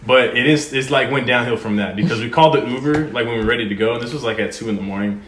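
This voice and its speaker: A young man telling a drunk night story in animated fashion, swearing, his voice leaping up when quoting himself. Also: mid-range voice, very fast, slight background noise. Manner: animated storytelling, voice jumping up for quoted outbursts, swearing. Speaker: podcast co-host. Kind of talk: casual chat, drunk story. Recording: echoey room.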